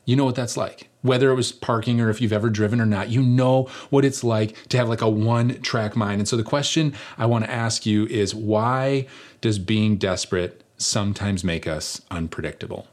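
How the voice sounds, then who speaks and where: A middle-aged man preaching, telling a personal story in a conversational, animated way with rhetorical questions. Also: mid-range voice, brisk, few pauses. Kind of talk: sermon storytelling.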